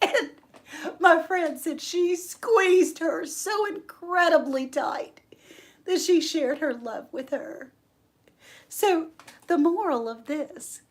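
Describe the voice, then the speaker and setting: A woman hosting a homestead livestream, telling a story in a folksy, animated way. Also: very high-pitched. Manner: slow, folksy, animated storyteller who laughs often. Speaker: homestead channel host.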